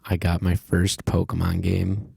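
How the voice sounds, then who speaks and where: A low-pitched man with a gravelly, fry-heavy voice hosts a casual podcast, rambling through a story with plenty of fillers and frank swearing. He sounds dry and close to the mic, with no room around him. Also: monotone, measured pace, a little mellow, dry recording. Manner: rambling, candid, swears freely, many fillers. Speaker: podcast host.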